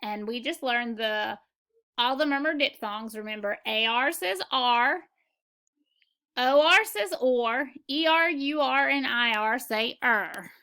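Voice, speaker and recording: Slow, bright-voiced woman phonics teacher. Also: a little high, lively intonation, clear, resonant tone. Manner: patient, spells out sounds and models words. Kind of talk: slow, clear classroom instruction.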